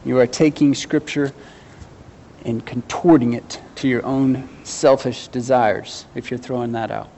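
A man's voice: mid-range voice, fairly even intonation, a little slow, mellow, slight background noise. A man preaching a sermon, earnestly putting questions to his congregation with some self-deprecating humor. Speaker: pastor.

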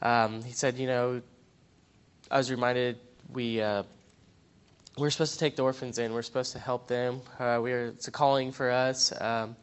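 A man giving a personal testimony in church, nervous and halting, with many fillers. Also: medium pitch, flat delivery, clean tone.

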